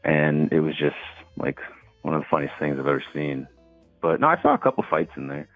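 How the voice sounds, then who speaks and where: A man's voice: rumbling low, big pitch swings, fairly quick, dry recording, soft background music. A man calling in, telling stories in a laid-back, casual way with lots of fillers. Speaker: caller. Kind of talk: casual phone call. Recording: tinny phone line.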